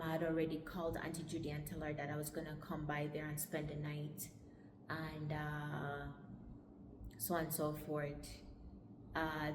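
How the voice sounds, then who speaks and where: Low-voiced Jamaican woman telling her story. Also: background noise. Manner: halting, conversational retelling. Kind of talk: personal life story. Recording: echoey room with long reverb.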